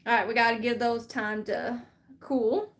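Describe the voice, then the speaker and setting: A woman's voice: a little high, fairly even intonation, unhurried. Easygoing Southern woman hosting a craft stream. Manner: easygoing, explains steps while working. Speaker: craft livestream host. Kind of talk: casual crafting livestream chat.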